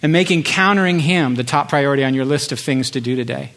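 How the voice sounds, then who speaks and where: A man preaching a sermon to his congregation, impassioned, building through repeated phrases with pauses. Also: mid-range voice, fairly bright tone. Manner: impassioned, rhetorical repetition with pauses. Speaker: pastor.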